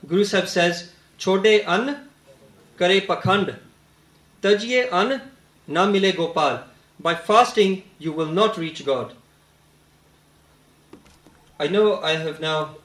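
A man giving a religious talk, earnest and deliberate, slowing to stress the verses he quotes. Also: on the high side, fairly bright tone, reverberant, poor audio. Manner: earnest, deliberate, emphatic when quoting. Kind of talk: lecture quoting scripture.

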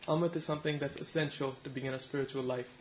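A man's voice: mid-range voice, fairly even intonation, very fast, muffled recording, a little hiss or hum. A man giving a Sikh sermon, retelling a story and speaking its characters' lines in his own plain voice. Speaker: Sikh preacher.

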